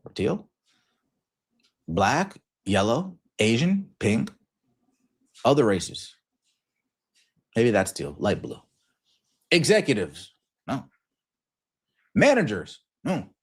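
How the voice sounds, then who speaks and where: A man walking through a chart in commentary, deliberate, with pointed, wry asides. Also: fairly high pitch.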